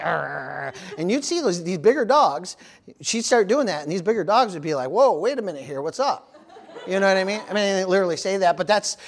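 A man pastor preaching a sermon, telling animated stories and calling out "amen" and "praise the Lord". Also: high-pitched. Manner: animated storytelling with amens and praise interjections.

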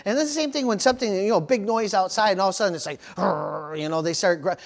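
High-pitched male pastor, storytelling sermon delivery with frequent amens. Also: very fast. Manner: animated storytelling with amens and praise interjections.

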